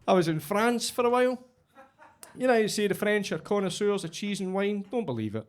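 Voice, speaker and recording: A man's voice: high-pitched, lively intonation, a little fast. A middle-aged Scottish man doing a stand-up set, telling stories dryly and landing punchy punchlines. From Scotland. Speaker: stand-up comedian.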